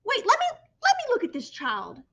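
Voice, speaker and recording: A woman doing a gentle storybook mother bat. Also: extremely high pitch, huge pitch swings, moderate pace, voice pushed up, exaggerated voice. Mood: tender. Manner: gentle and reassuring.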